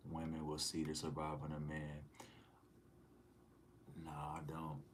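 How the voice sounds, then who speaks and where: Laid-back man with a very low voice. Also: completely flat delivery, measured pace, noisy background. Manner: laid-back, slangy, reads comments aloud. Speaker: livestreamer reading chat. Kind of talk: casual live-stream chat.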